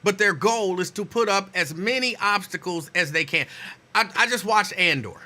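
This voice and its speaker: Host: man with a piercing, sharp, fairly high voice, easy conversational delivery. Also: normal speed. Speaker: radio show host. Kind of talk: casual talk radio.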